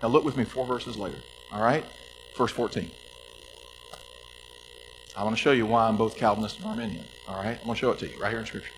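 A pastor preaching a sermon, stressing scripture slowly and dropping to soft appeals. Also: male voice, fairly low pitch, noisy background. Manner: emphatic, slows down to stress scripture, drops to soft pleas.

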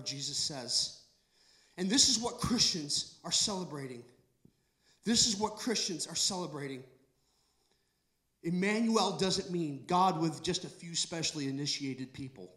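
A man preaching a sermon, emphatic and repetitive, swinging between soft, slow passages and loud outbursts. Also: a little high, expressive. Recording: echoey room.

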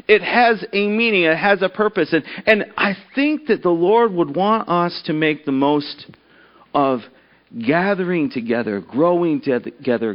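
A man preaching a sermon and reading a story aloud, earnest, often repeating words as he starts a thought. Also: high-pitched. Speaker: pastor. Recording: dull lo-fi recording.

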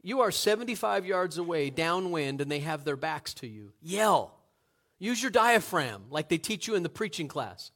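A pastor putting on a blunt, sarcastic farmer dad. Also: male voice, sing-song, moderate pace, hardly any pauses. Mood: instructive. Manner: loud commanding calls, then low stern warning.

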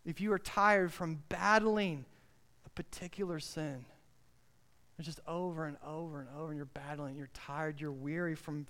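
Male preacher, sermon, emphatic, rhetorical questions, high voice. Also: steady tone, moderate pace, bright, forceful tone.

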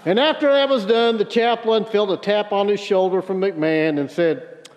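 A man's voice: sits high, moderate pace, slight background noise. A man preaching a sermon, telling a story and then driving home his point with emphasis. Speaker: pastor. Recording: dull sound with long hall reverb.

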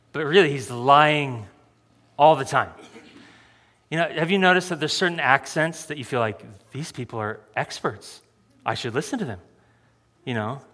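Joking preacher in a reverberant hall. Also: male voice, high voice, pushed and bright. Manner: joking, self-deprecating, laughs often. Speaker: pastor. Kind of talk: sermon.

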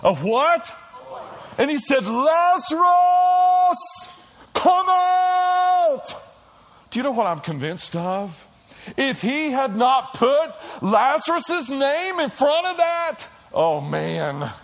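A middle-aged man preaching in a church, his high voice leaping all over its range. He tells stories dramatically, dropping to near-whispers and then shouting, and he takes his time. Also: sing-song, slow pace. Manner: dramatic storytelling, acting out quotes, swings from hushed to shouting. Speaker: pastor. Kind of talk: sermon. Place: church auditorium.

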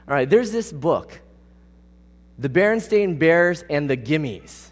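A man's voice: fairly high pitch, very animated, a little slow. A man preaching a conversational sermon. He speaks casually but with emphasis and often puts questions to the congregation. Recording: long reverb of a large hall.

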